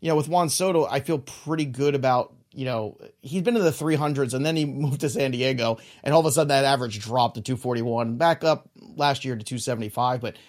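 A man co-hosting a podcast talks sports in a mid-range voice, a little fast and with hardly any pauses. His casual chat is emphatic, dotted with "look" and "you know" as he drives his points home.

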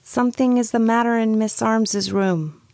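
A woman voicing a gentle, sweet-natured older lady in a storybook reading, speaking in a soft, cooing voice. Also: fairly high pitch, steady tone, moderate pace, no room sound, voice pushed up, close to an everyday voice. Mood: anxious.

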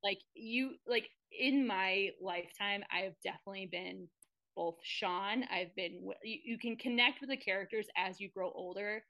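A woman's voice: medium pitch, bright, forceful tone. A young woman in casual podcast chat, earnest and rambling as she opens up. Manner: earnest, rambling, quick to open up. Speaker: podcast guest.

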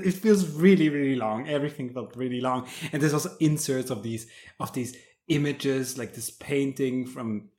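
A man on a podcast, chatting casually about a film and telling the story in an animated, amused way with many restarts. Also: a little high. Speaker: podcast guest discussing films.

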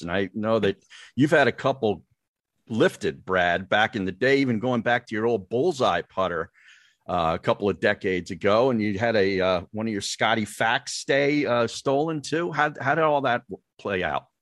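Low-voiced man, dry sound. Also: moderate pace, dry recording. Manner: conversational, asks questions. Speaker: co-host. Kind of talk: casual chat.

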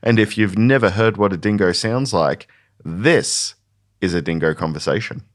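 Low-voiced Australian male podcast host. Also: normal speed. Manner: informative, earnest, slightly lecturing. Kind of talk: casual podcast chat.

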